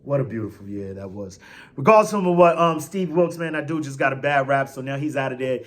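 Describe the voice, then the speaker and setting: A man hosting a casual sports fan show, talking in an animated, slangy way with emphatic outbursts. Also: mid-range voice, brisk. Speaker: sports podcast host.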